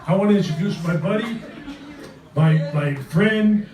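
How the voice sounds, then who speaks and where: A man's voice: high-pitched, a little slow. An older man from Brooklyn, a former ballplayer trading brash, profane jokes on stage at a club event. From Brooklyn, New York. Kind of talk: joking banter on stage. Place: club event room with audience. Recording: roomy hall, distant mic, crowd.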